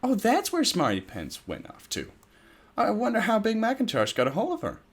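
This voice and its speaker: A man's voice: high voice, huge pitch swings, normal speed, slightly rough, voice pushed up, full character voice. A man voicing a studious young mare pony who wonders aloud. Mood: puzzled.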